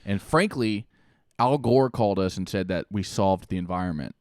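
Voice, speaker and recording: A man's voice: fairly low pitch, moderate pace, a little mellow, dry recording, studio quality. Sarcastic rambling podcast guy. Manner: sarcastic, rambling, laughs often. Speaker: podcast co-host. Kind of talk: deadpan ironic banter.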